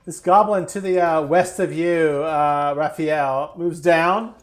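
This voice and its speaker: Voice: mid-range voice, fairly even intonation, slow pace, soft background music. Laughing tabletop game master. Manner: laughs through vivid descriptions. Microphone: headset or desk mic in an online stream.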